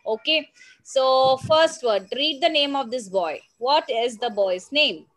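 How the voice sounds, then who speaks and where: High-voiced woman teaching phonics. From India. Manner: patient, coaxing, sounds words out slowly. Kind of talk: teaching young children with a story.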